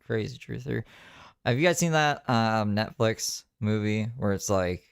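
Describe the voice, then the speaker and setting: A man talks through videos on a live stream in loose, mocking commentary, swearing as he goes. His delivery swings widely up and down in pitch. His voice is smooth and clear, recorded dry and close. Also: lively intonation, measured pace, dry recording.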